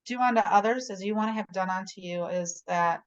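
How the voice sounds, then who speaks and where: A woman's voice: medium pitch, fairly quick, highs cut off. Chatty middle-aged woman on a video call. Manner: chatty storyteller, often asks "right?". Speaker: guest realtor. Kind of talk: casual conversation.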